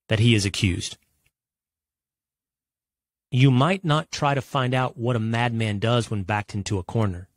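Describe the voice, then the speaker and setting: A man from the United States giving an emphatic opinion monologue as a political commentator, full of rhetorical questions and drawn-out stresses. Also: fairly low pitch, no room sound.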